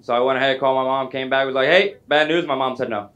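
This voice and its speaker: Fast-talking young male stand-up comic. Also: medium pitch, steady tone, highs cut off, heavy background noise. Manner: chatty, self-deprecating, quick asides to the crowd. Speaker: stand-up comedian. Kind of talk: stand-up comedy set. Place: music club stage.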